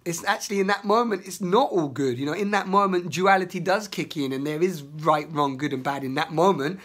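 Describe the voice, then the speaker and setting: A man's voice: on the high side, a little fast. Man venting in a rambling outdoor vlog. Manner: rambling, emotional, swears often, shouts in bursts. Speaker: vlogger. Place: outdoors in nature.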